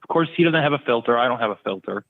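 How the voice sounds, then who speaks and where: Racing along in an animated, medium-pitched voice, a man tells casual stories as an interview guest. He's blunt and leans on crude humor, and the line sounds thin, like a phone.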